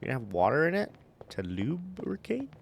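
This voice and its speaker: A man's voice: fairly high pitch, huge pitch swings, normal speed, vocal fry, slight background noise. Rambling young man streaming a game. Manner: rambling storyteller, laughs often, many fillers. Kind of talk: casual let's-play chat.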